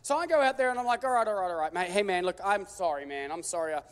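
A man preaching a sermon, telling a story with lively jokes and acted-out voices. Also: high-pitched, quick pace, smooth. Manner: animated, joking storytelling with acted-out quotes. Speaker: pastor. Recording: long hall reverb.

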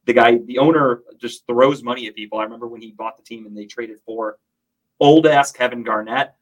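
A man's voice: mid-range voice, steady tone, a little fast, low-quality recording. A man hosting a casual sports talk podcast, opinionated and swearing freely.

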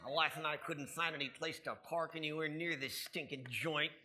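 A man's voice: a little high, fairly even intonation, normal speed, sharp tone, voice pushed down. A man voicing a grumpy old man who hates life, with curt, insulting put-downs in a ventriloquist act. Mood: grumbling.

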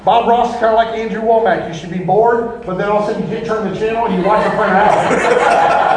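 A man preaching a sermon in an animated, folksy way, often breaking into laughter. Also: high voice, fairly quick, heavy background noise. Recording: echoey room.

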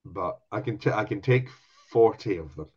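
A man's voice: fairly low pitch, expressive, moderate pace, darkish tone, breathy edge. Sweary laughing man on a lo-fi call. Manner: sweary, mock-indignant, lots of laughing. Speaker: comedian co-host. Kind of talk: casual podcast banter. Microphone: video call.

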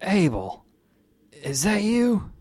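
A man's voice: medium pitch, a little slow, close to an everyday voice. A man voicing a wounded male police officer who talks bluntly and curses offhandedly. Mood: weak. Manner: cursing, offhand, rambling.

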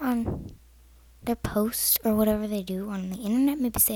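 A woman's voice: mid-range voice, normal speed, warm tone, dry recording, rough recording. A woman giving earnest, rambling advice to the camera, often dropping to a whisper.

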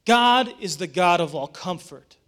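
Bright high-voiced man preaching. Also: lively intonation, measured pace. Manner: storytelling, rising to urgent exhortation. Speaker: pastor. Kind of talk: sermon.

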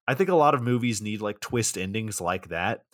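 A young man with a fairly low voice and a sardonic, deadpan way of recapping a bad movie. The sound is dry and close, with no room around it. He talks casually and mocks the film as he goes. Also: moderate pace, dry recording. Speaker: podcast co-host.

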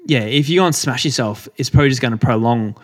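A young man co-hosting a podcast in relaxed, easygoing chat, reading out listener questions. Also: mid-range voice, quick pace. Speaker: podcast co-host. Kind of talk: casual chat.

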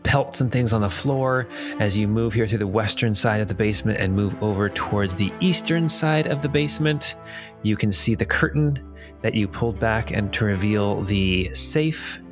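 A man guides players through a tabletop adventure in a lowish voice. He rambles, laughs at his own asides, and soft music plays faintly behind him. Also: moderate pace. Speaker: dungeon master. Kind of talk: narrating a tabletop game.

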